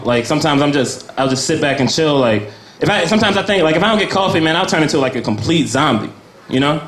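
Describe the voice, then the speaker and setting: A man's voice: fairly high pitch, expressive, normal speed, fairly bright tone, slight background noise. A young American man doing a laid-back, rambling stand-up set at an open mic, often laughing at his own jokes. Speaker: stand-up comedian. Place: small cafe comedy night. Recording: echoey room.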